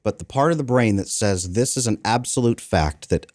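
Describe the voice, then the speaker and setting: A man's voice: lowish voice, normal speed, no room sound, clean studio sound. A man in his thirties, a guest on an interview show, explaining emphatically and with energy. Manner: emphatic, energetic, acts out quoted dialogue. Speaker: guest, attachment coach. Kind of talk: animated explanatory interview talk.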